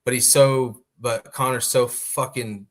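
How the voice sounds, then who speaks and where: A man co-hosting a casual podcast, telling stories in a profane, animated way. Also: mid-range voice, a little slow. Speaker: podcast co-host. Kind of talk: casual chat.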